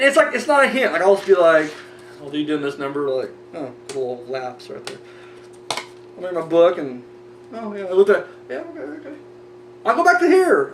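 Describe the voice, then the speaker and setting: A man whose voice sits high and sounds fairly bright hosts a horror review show. He chats and rants casually, rambling with profanity and frequent restarts, and the mic is distant and roomy with a faint hum.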